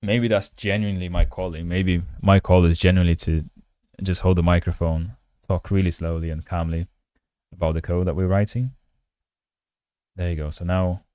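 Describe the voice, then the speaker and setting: This low, dark-toned man runs a coding livestream in a dry recording, chatting casually as his build runs and reading chat messages aloud in a self-mocking way. Now and then he puts the handheld mic close and does a mock ASMR voice.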